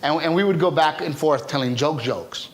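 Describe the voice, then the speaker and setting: A man, a stand-up comedian, telling stories in a casual interview, animated and chatty, often tagging his lines with "right?". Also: fairly high pitch, normal speed.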